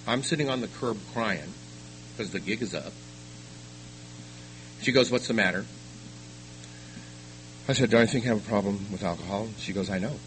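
A man's voice: fairly low pitch, pushed and bright, slight background noise, poor audio. Older man telling his recovery story. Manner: halting storytelling with repeated restarts. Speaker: recovery meeting speaker. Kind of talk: personal testimony talk. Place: meeting room.

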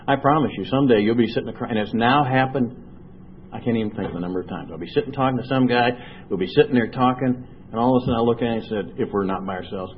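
A man telling his recovery story to an audience, earnest and storytelling, slowing down and weighing his words at the heavy moments. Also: medium pitch. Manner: earnest storytelling, slow and heavy at emotional points. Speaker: recovery speaker. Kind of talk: personal testimony talk. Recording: dull lo-fi recording with faint noise.

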